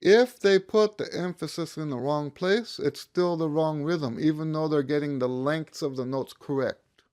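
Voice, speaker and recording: A man's voice: on the high side, normal speed, darkish tone, smooth. A man teaching a music lesson, counting beats aloud and stopping to rephrase himself as he explains.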